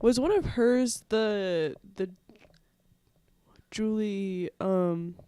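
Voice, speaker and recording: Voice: medium pitch, very slow, mellow, clean tone. A podcast co-host in casual chat who often hesitates, searching for the right words.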